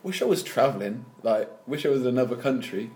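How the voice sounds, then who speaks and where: A man's voice: medium pitch, expressive, fast, darkish tone. Dry-witted English man, echoey room. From England. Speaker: podcast co-host. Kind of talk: casual chat.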